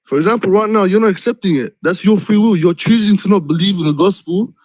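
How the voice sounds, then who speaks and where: A man's voice: high-pitched, fast, a little mellow, dry recording, poor audio. Earnest man repeating himself, dry sound. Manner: repetitive, earnest, restarts often. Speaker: caller. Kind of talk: live-stream debate.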